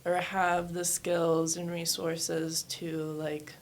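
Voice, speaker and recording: Woman, 30s, gravelly voice, fairly level delivery, candid storytelling. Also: lowish voice, level tone, slow pace. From New Hampshire and West Virginia. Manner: candid, storytelling, many fillers. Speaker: guest, yoga studio owner. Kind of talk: casual interview.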